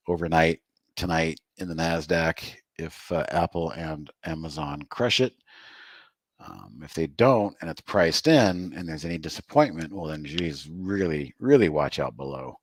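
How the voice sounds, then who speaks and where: A man with a very low voice hosting a live trading room in a relaxed, chatty way, with light laughs between remarks. His voice is recorded close and dry, with no room sound. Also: dry recording. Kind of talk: casual live market commentary.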